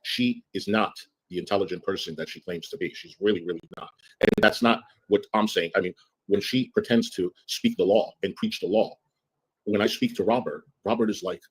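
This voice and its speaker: A man's voice: fairly low pitch, fairly quick, breathy edge, poor audio. A man ranting indignantly on a live stream, accusing someone and repeating his points.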